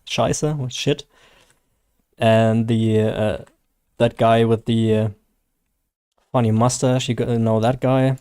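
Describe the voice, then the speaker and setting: Mellow-voiced man with a German accent. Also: mid-range voice, level tone, takes it slowly, long pauses, clean tone. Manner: rambling, chatty, answers viewer chat. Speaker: gaming streamer. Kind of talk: casual live-stream chat.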